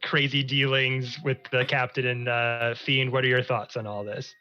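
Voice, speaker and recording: Flat, bright-voiced game master. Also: male voice, medium pitch, moderate pace, dull audio.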